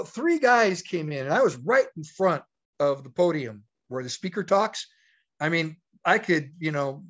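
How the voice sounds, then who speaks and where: Man telling a motivational story. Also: on the high side. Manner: folksy storyteller, acts out quoted dialogue. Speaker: network marketing leader. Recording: dull, lo-fi call audio.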